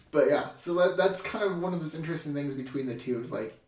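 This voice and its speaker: A man's voice: on the high side, fairly quick. A young man hosting a casual podcast chat, telling stories with acted-out quotes and frequent laughter. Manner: animated storyteller, acts out quotes loudly, laughs often. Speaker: podcast host. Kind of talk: casual conversation. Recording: echoey room, mic at a distance.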